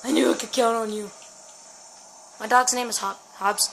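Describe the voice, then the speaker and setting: A woman's voice: a little high, fairly even intonation, moderate pace, gravelly, a bit bright, a little hiss or hum, rough recording. A young woman playing a horror game at home, frightened and jittery, swearing and talking to her viewers and her dog. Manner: swears and screams. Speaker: gaming channel host. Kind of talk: horror game let's play commentary.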